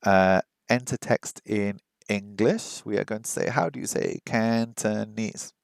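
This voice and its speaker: A man's voice: lowish voice, steady tone, creaky, no echo. Man musing aloud in a dry room. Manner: thinking aloud, musing and unsure; slow, careful practice of foreign phrases. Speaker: vlogger learning a language. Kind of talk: casual vlog commentary.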